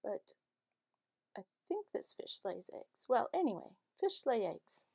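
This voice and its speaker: A woman's voice: a little high, big pitch swings, measured pace, gravelly, a little mellow, husky. A woman teaching young children at home, asking questions in a sing-song way and gasping at each reveal. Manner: sing-song, exaggerated questions and gasps for kids. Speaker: children's storytime presenter.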